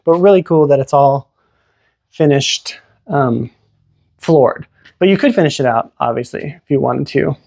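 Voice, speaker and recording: A man with a slightly higher-than-average voice leads a casual tour through a house. He chats and exclaims over the features as he walks room to room, recorded on a handheld camera. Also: unhurried, gravelly, long pauses, darkish tone. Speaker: realtor giving a home tour. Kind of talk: casual walk-through narration. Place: inside a house, walking room to room.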